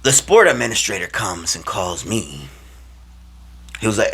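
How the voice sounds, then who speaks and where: Low-voiced man telling a lively story. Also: measured pace, slightly rough. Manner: animated, acts out his own and others' quoted lines; slangy, loose phrasing with many fillers. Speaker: vlogger telling a personal story. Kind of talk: casual storytelling.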